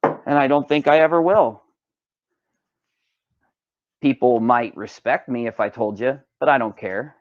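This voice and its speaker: A man's voice: medium pitch, a little slow, long pauses, dry recording. A man live-streaming from home, chatting casually and rambling, swearing freely and talking to his cat between remarks. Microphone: desk microphone. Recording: dull lo-fi dry home mic.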